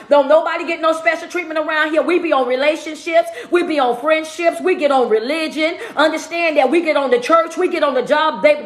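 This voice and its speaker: A woman motivational speaker and coach on a phone livestream, energetically shouting out viewers and then talking about friendships. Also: high-pitched. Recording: echoey room.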